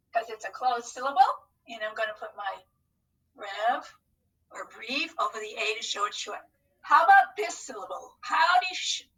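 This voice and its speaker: Upbeat high-voiced woman teaching phonics. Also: sharp tone, far from the mic, low-quality recording. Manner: upbeat, coaxing, speaks to unseen students. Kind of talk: recorded phonics lesson.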